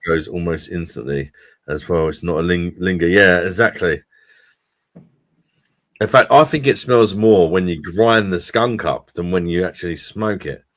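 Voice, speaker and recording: A man with a low voice and a forceful, bright edge, chatting casually on his live stream. He is laid-back and sweary and laughs often, heard dry and close with no room sound. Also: moderate pace, no echo. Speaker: host of a drinks review live stream.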